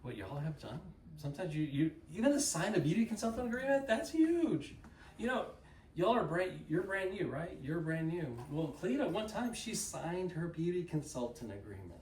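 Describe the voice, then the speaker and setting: A man from Texas in his fifties with an easy Texan drawl tells stories in an animated, folksy way. He speaks from some distance to the mic in a roomy, echoing space. A faint hiss sits behind him. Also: a little high, normal speed. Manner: animated, folksy, sprinkles y'all. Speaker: guest speaker. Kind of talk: casual storytelling talk.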